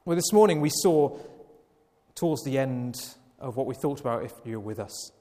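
A man preaching a Sunday evening sermon, slow and emphatic, with long pauses. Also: medium pitch, expressive, mellow. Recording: long reverb of a church hall.

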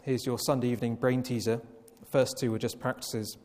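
Slow emphatic preacher in an echoing hall. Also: male voice, medium pitch, little pitch movement, a little mellow. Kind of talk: sermon. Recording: long reverb of a church hall.

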